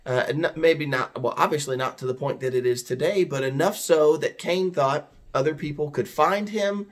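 A man's voice: on the high side, normal speed. A man giving a conversational Bible teaching, earnest and explaining, asking his listeners rhetorical questions.

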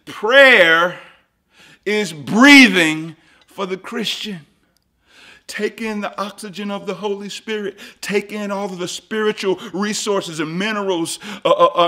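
A pastor with a high voice preaches a sermon, swinging between hushed lines and loud, emphatic ones and repeating phrases to drive points home.

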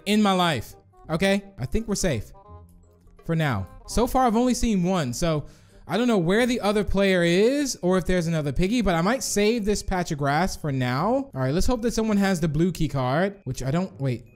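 A young man giving nervous, excitable commentary while playing a video game, often talking himself through it. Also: high-pitched. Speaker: gaming YouTuber. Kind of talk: live gameplay commentary.

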